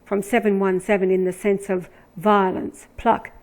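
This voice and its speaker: A woman giving religious commentary, reading scripture verses aloud with deliberate, emphatic delivery. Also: medium pitch, little pitch movement, low-quality recording.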